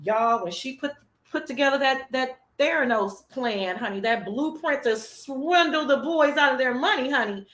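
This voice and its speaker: A woman's voice: sits high, normal speed, roomy sound. A woman hosting a casual livestream chat show, sassy and profane, talking straight to her viewers. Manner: sassy, profane, animated, chatty. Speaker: talk show host.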